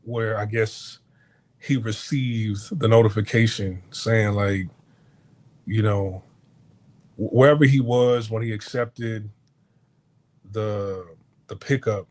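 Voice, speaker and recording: A man's voice: fairly low pitch, slow, pauses often. Rambling man telling a story. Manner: rambling with many restarts and stammers; animated retelling with acted-out quotes. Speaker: podcast host. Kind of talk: casual storytelling monologue. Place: hotel abroad.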